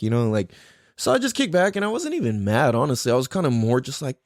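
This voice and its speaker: A man in his thirties tells stories on his podcast in a loose, rambling way, cursing freely and circling back when he loses his point. His pitch swings widely as he talks, and the sound is dry and close. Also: sing-song, fast, dry recording. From California. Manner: rambling, swears a lot, loses his thread. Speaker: podcast host. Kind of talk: casual storytelling.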